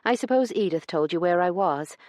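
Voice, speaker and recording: A high, exclaiming young woman, sharp-tongued and easily flustered, as a male audiobook narrator puts her on. Her voice jumps up into shrill outbursts. The reading is close and dry. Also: expressive, brisk, dry recording. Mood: exasperated.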